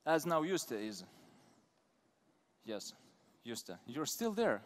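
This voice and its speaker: A man from Lithuania with an Eastern European accent gives a live conference talk, ribbing and calling on members of the audience. His voice is on the high side and sing-song, unfolding slowly, with the long reverb of a large conference hall.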